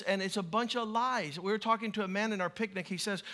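A man's voice: high-pitched, fast talker, hardly any pauses, bright, forceful tone. A man pastor preaching a sermon in an emphatic, humorous way.

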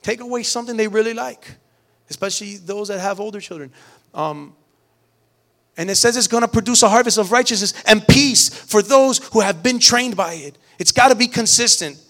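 A middle-aged pastor with a notably high voice delivers a sermon. He speaks earnestly, repeating words as he builds toward emphatic points. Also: normal speed, fairly bright tone. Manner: earnest, repetitive restarts, rising emphatic preaching.

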